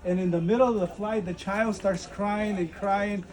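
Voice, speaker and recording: A man's voice: high-pitched, steady tone, normal speed, a little mellow, rough recording. A man preaching a sermon outdoors at a holy site, earnest and rising to fervent emphasis. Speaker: pastor.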